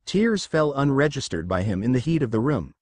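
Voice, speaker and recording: A man reading fan fiction aloud as narrator, in a steady storytelling manner. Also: mid-range voice, fairly quick, no echo.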